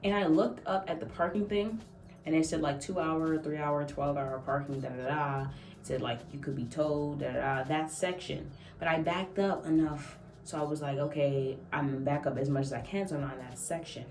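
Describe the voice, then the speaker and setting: A woman's voice: low-pitched, steady tone, moderate pace, darkish tone, faint music behind. A young woman vlogger telling a casual story, acting out quotes and laughing often. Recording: echoey room, mic at a distance.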